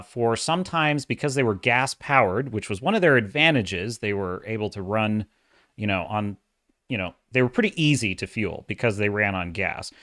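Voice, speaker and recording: Man, middle-aged, livestream host, animated casual commentary, mid-pitched voice, dry close mic. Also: no echo. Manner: animated, self-described dramatic, reads chat comments.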